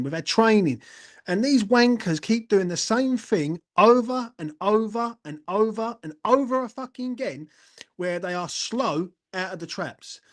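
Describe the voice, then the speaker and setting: A man with a high voice hosts a fan channel and rants angrily after a match, swearing hard and repeatedly checking that the listener is following him. He's talking indoors at a relative's house.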